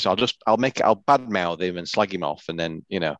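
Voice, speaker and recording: A man's voice: deep voice, quick pace, a bit bright, no echo. A man on a video call, making wry remarks in a casual chat. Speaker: podcast co-host.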